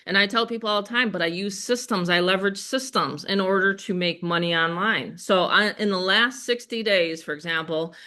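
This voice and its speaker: An older woman with a Western New York accent hosts a live online sales webinar. Her bright, forceful voice stays chatty and upbeat, and she keeps turning to the audience with questions. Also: mid-range voice, moderate pace, hardly any pauses. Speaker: webinar host.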